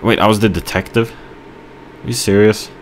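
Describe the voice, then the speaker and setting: Guy with a really deep voice rambling thru a gameplay story, lots of stops and restarts, fake outraged. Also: fairly even intonation, normal speed, a little hiss or hum. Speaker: gamer. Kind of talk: let's play commentary.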